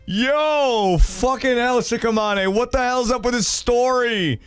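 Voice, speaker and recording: A young man hosting a stream, reading viewer stories aloud in a loud, excitable way, swearing and laughing. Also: very high voice, slow, clean tone, dry recording, faint music behind. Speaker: streamer host.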